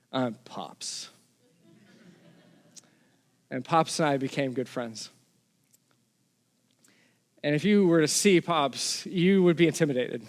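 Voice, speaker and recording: A man's voice: medium pitch, a little mellow. Man preaching in a reverberant hall. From Texas. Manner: conversational storytelling with frequent restarts. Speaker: pastor. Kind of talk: sermon.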